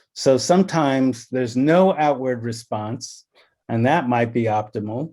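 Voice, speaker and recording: In a recorded training talk on anti-racism, a presenter from Los Angeles uses a mid-range, darkish voice. His delivery is slow and deliberate, built on storytelling, with quoted dialogue performed aloud.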